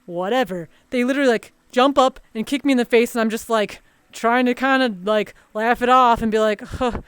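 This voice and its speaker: A woman's voice: a little high, a little fast, clean tone, no room sound. A woman streamer telling a story in a casual, rambling chat full of fillers and restarts.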